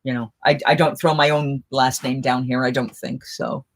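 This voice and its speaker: A woman's voice: a bass voice, flat delivery, moderate pace. A middle-aged woman hosting a casual live chat, telling stories in a rambling, chatty way with many restarts. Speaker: live chat host, festival performer.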